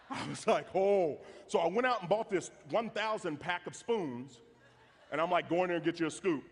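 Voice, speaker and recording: A man's voice: high voice, fairly bright tone, big-room sound. A man giving a live talk to an audience, joking and acting out family moments as he tells stories. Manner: storytelling, joking, acts out family voices. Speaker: speaker on personal finance.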